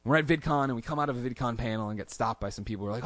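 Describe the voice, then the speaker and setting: A man's voice: mid-range voice, racing, no echo. A man as a podcast guest, telling stories casually in a studio and acting out quoted lines in a raised voice. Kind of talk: casual storytelling interview.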